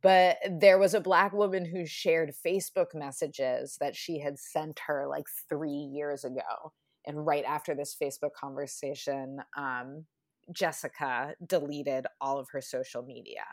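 A woman with a somewhat low voice co-hosts a podcast in casual chat. She tells a story loosely, in easygoing slang. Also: fairly even intonation, measured pace. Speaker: podcast co-host.

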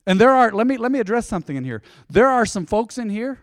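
A man's voice: high voice, big pitch swings, fast, no echo, studio quality, in a large hall. A man preaching a sermon as a pastor, folksy and conversational, often acting out little back-and-forth dialogues.

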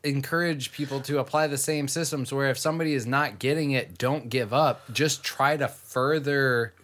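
A man's voice: medium pitch, steady tone, normal speed, fairly bright tone. A man in casual conversation who argues heatedly, swears freely and fills his speech with "like". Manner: heated, swears, many "like" fillers. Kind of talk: casual chat.

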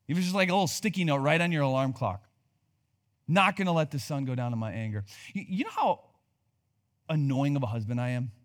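Young male pastor, slightly high voice, conversational and humorous sermon delivery. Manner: conversational, joking, animated delivery with rhetorical questions.

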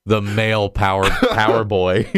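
Low-voiced man cracking crude podcast jokes. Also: sing-song, slow pace, crowd noise. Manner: crude joking, frequent laughter. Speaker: podcast co-host. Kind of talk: casual chat.

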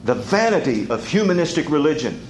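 A man preaching an expository sermon, dropping quiet and then rising loud and mocking as he acts out quoted taunts. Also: a little high, very animated, a little fast, slight background noise, rough recording.

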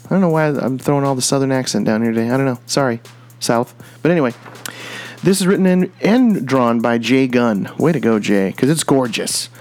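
A man's voice: medium pitch, expressive, brisk, darkish tone, faint music behind. A man hosting a comic book podcast, talking through his picks in an enthusiastic, rambling way with lots of restarts. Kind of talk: casual comic review monologue.

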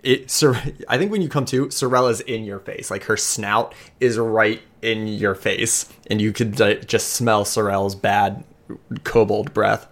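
Game master, man, low voice, casual, hesitant narration. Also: fairly even intonation, measured pace. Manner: casual, hesitant, many fillers.

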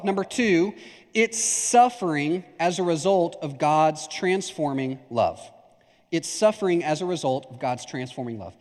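A man preaching a sermon as pastor, talking in a conversational, animated way with asides and acted-out examples. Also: fairly high pitch, in a large hall.

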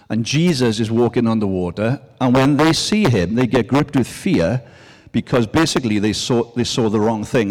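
A man's voice: medium pitch, a little mellow. A male preacher giving a sermon to a congregation in a conversational style, lifting his voice to stress key phrases. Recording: long reverb of a large hall.

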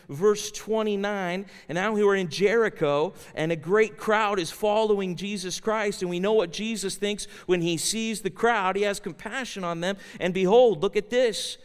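A male preacher delivers an earnest sermon and keeps turning direct questions on his listeners. His voice sits fairly high and sounds smooth and clear. The words trail into a long reverb from a large chapel.

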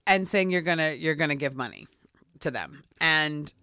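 A woman's voice: low-pitched, moderate pace, clean tone, dry recording, clean studio sound. A woman telling a true story in casual podcast chat, acting out quotes with lots of "like" and "you know". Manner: animated, acts out quotes, many "like"s. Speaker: podcast host.

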